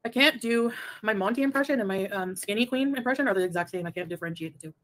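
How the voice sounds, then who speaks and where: A woman's voice: mid-range voice, quick pace, a bit bright. A woman co-hosting a casual livestream, reading chat messages with sarcastic remarks and frequent laughter. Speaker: livestream co-host.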